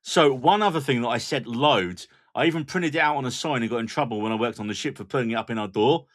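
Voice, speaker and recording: A man's voice: mid-range voice, fast talker. A man hosting a podcast in casual chat, telling self-mocking stories and moving the talk to the next topic. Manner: chatty, self-mocking anecdotes, steers the topics. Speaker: podcast host.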